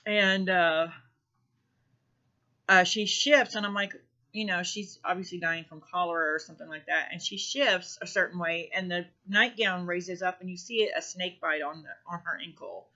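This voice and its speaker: Bright-voiced woman telling a personal story. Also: lowish voice, fairly even intonation. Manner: halting, many ums and restarts. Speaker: spiritual vlogger. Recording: dull lo-fi recording.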